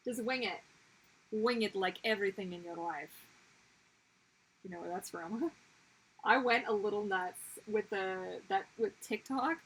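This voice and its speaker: A woman's voice: mid-range voice, slightly rough, poor audio. A young woman hosting a livestream, chatting casually while she draws, rambling and interrupting herself with sudden exclamations. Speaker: livestream host and artist. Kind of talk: casual chat while drawing.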